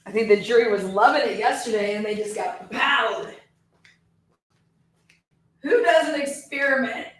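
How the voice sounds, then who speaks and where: A woman's voice: on the high side, measured pace, long pauses, breathy edge. A woman hosting a casual livestream, calling bingo games and reading viewer comments aloud with frequent laughter. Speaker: livestream host.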